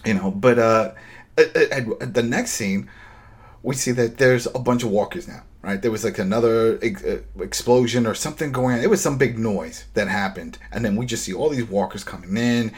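A man's voice: mid-range voice, moderate pace, slightly rough. A man hosting a podcast, recapping an episode in casual chat and acting out characters' lines with animation. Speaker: podcast host.

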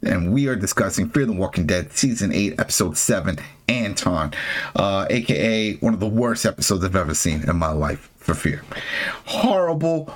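A man hosting a podcast, ranting in an exasperated, animated way. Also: low voice, moderate pace. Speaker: podcast host. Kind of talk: casual podcast chat.

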